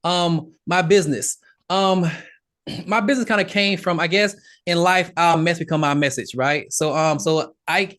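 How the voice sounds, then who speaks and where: A man guesting on a podcast, telling his story in a casual, animated way with frequent restarts. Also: on the high side. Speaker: podcast guest, real estate investor.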